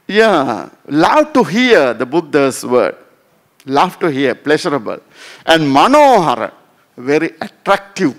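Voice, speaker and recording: A man in his fifties with a Sri Lankan accent, a Buddhist monk giving a Dhamma talk to a class and often checking in with "right?" and "huh?". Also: high voice.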